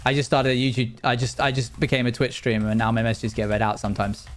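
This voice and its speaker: A man's voice: medium pitch, level tone, quick pace, a little hiss or hum. A young man streaming live, chatting casually with his viewers while he plays, rambling and often restarting his sentences. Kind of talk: casual livestream chat while playing.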